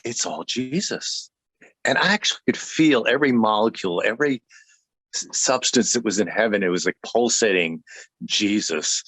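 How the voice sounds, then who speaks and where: A man with a fairly low voice shares his testimony as a pastor in a relaxed conversation. He jokes and laughs easily, and his sentences often stall and restart. The sound is dry, with no room echo. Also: slightly rough. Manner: halting, with many restarts.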